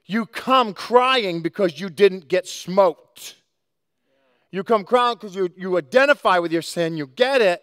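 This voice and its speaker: A male pastor preaches with a fairly high voice, swinging between hushed earnest moments and bright, lively asides. He talks to the congregation conversationally, and the sound is dry and close. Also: a little slow, clear, resonant tone, no room sound. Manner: animated, conversational, acts out quotes. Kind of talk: sermon. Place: church sanctuary.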